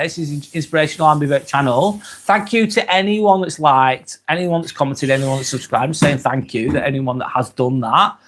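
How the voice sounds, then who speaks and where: An Englishman in his 40s hosts a live stream, casually chatting through viewer comments. He comes across as earnest and hesitant, full of ums and apologies. His voice is fairly high and fairly bright.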